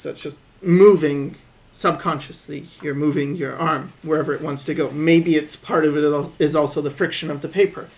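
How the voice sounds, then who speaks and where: A man recording a voice-over as he sketches, calmly thinking aloud about his drawing habits and encouraging viewers to keep practicing. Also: high-pitched. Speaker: artist teaching drawing. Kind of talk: voice-over commentary while sketching.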